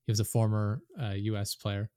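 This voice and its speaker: A man's voice: lowish voice, completely flat delivery, fairly quick, dark tone, clean tone, no room sound. Man, casual talker, rambling, swears when riled; dry close recording. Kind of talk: casual podcast chat about soccer.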